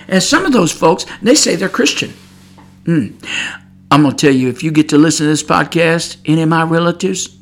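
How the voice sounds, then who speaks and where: A man preaching a fiery podcast sermon, firing rhetorical questions at his listeners and swinging between loud outbursts and hushed warnings. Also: sits high, creaky, breathy edge.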